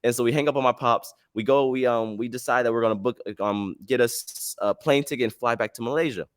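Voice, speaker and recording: A man hosts a casual storytelling podcast, rambling through a story with slang and animated asides. His voice sits in a mid range. The recording is close and dry in a quiet room. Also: mid-range voice, a little fast, smooth, dry recording. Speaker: podcast host.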